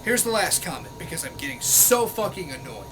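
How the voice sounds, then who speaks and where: A man's voice: sits high, very animated, brisk, over music, poor audio. A man ranting angrily at a commenter, sarcastic and exasperated, swearing often. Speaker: vlogger. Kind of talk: angry rant reading out comments.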